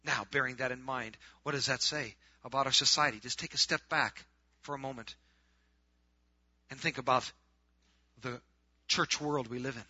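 A man preaching a sermon to a group, swinging from loud, urgent appeals to hushed, quiet stretches. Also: medium pitch, steady tone, normal speed, long pauses, dry recording, dull audio.

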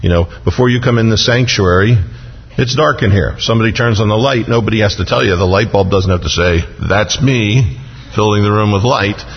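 A male pastor preaching an expository sermon in a church sanctuary, slowing down to stress scripture. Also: lowish voice, husky. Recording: dull, reverberant hall sound.

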